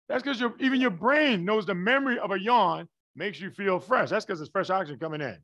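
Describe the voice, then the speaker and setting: A man with a somewhat high voice, lecturing a class in a lively, emphatic way. He often stops to check that everyone follows, calling on the students by name. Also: a little fast, few pauses, highs cut off. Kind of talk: live online lecture.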